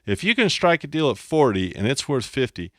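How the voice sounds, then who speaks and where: An instructor explains a lesson on a whiteboard in a medium-pitched, sing-song voice that's fairly quick and a bit bright. He's playful and self-mocking, often repeating his phrases, and the recording is dry with clean studio sound.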